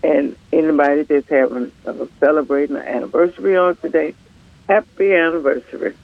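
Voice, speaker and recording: An older woman calling a radio show, speaking in a halting, friendly way with a groggy morning voice. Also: sits low, vocal fry, no room sound. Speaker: caller. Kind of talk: phone call-in chat. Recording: tinny phone line.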